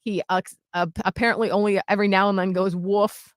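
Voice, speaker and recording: A woman with a mid-range voice talks fast in a dry, studio-quality recording. Co-hosting a radio show, she chats casually and tells an animated story, acting out quotes in different voices.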